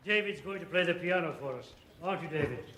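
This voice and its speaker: An actor playing a friendly person who coaxes a pianist to play. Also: male voice, on the high side, fast, echoey room, very noisy, natural voice. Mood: encouraging. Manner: encouraging, coaxing.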